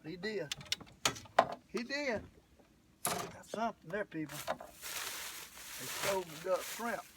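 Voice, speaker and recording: A man's voice: sits high, lively intonation, takes it slowly, far from the mic, heavy background noise. An older man, hosting a live fishing vlog from a boat on a lake, rambling and folksy as he talks straight to his viewers. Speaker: fishing show host.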